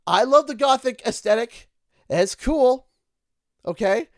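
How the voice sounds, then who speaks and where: Ranting Canadian streamer man, unhurried. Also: very high voice, animated, dry recording, studio quality. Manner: ranting, sarcastic, with bursts of shouting and laughter. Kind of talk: gaming livestream commentary.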